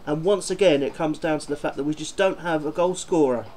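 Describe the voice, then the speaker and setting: High-voiced man, ranting fan. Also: brisk, a little mellow, a little hiss or hum, poor audio. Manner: swearing, ranting, exasperated. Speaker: football fan vlogger. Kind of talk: football fan video reaction.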